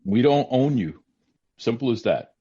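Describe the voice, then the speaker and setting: A man hosting a podcast who talks earnestly in casual chat, lecturing his point and jumping high when he mocks someone. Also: lively intonation, a little slow, warm tone, husky. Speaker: podcast host. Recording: dull lo-fi audio.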